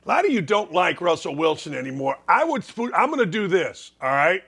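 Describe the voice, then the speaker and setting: A man's voice: sits high, very animated, brisk, a bit bright, slightly rough. A man hosting a sports talk show, brash and folksy, hammering his points with repetition and sounding congested. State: congested, sneezing. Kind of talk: opinionated sports talk monologue.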